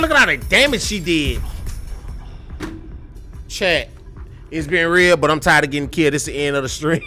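A young man streams a fighting game, profanely trash-talking opponents and venting frustration to chat with loud outbursts. His voice sits on the high side at a moderate pace with frequent pauses, and soft music plays in the background.

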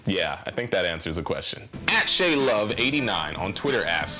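A man's voice: low-pitched, sing-song, normal speed. A young man hosting a comedy Q&A vlog, giggly and self-mocking. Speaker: YouTuber host. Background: background music.

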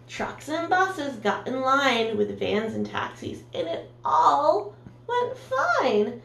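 Sing-song teacher reading a picture book. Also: female voice, high-pitched, very animated, takes it slowly, creaky, reverberant, far from the mic. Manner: warm, sing-song, gasps and asks the listeners questions. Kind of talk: children's storytime read-aloud.

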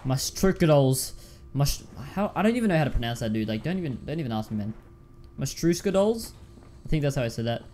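A man's voice: medium pitch, very animated, racing, hardly any pauses, darkish tone, a little hiss or hum. A man giving casual commentary while playing a video game, repeating himself and calling listeners dude and man. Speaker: gaming YouTuber.

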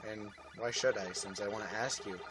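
A man's voice: lowish voice, steady tone, a little fast. A man hosting a let's-play video, rambling and joking to his viewers as he plays. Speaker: gaming video host. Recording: noisy home recording.

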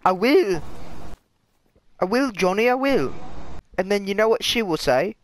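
A man's voice: sits high, lively intonation, unhurried, a little hiss or hum, poor audio. Crude, teasing British young man. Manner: crude, teasing, swears a lot. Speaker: gamer. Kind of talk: casual voice chat while gaming.

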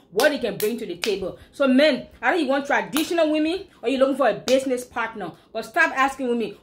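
A woman with a Liberian English accent speaks in a voice pitched a little high. She delivers blunt, opinionated blogger commentary. She scolds and piles up rhetorical questions.

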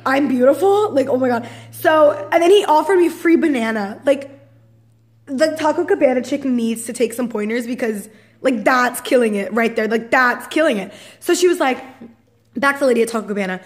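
A woman's voice: high voice, fairly quick, low-quality recording. A young woman vlogger telling a story to camera in a chatty, exasperated way, filling her talk with "like". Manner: chatty and exasperated, heavy use of "like".

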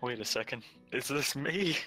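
A man co-hosting a let's play who drops deadpan wisecracks about the game. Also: mid-range voice, moderate pace, faint music behind, low-quality recording. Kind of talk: joking game commentary.

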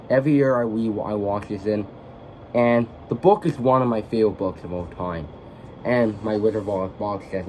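A man in a casual vlog reviewing a classic film, rambling and halting as he corrects himself mid-sentence. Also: fairly low pitch, mellow, a little hiss or hum, low-quality recording. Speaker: vlogger, film fan.

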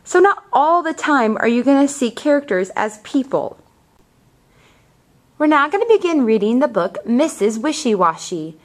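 A woman teacher reading a picture book aloud to young children and asking them questions in a clear, patient way. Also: high voice, very animated, normal speed.

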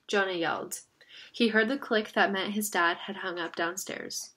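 A woman reading a novel aloud in a steady narrating voice. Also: medium pitch, moderate pace. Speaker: audiobook reader.

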